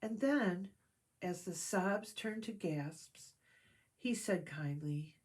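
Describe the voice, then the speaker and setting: A woman reading a storybook aloud in a calm, gentle way as a church storyteller. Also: lowish voice, takes it slowly, husky.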